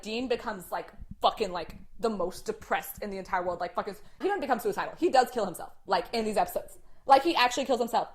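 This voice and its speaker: A young woman hosting a casual chat, animated, swearing and packing her talk with "like". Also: medium pitch. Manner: animated, swearing, many "like" fillers. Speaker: host.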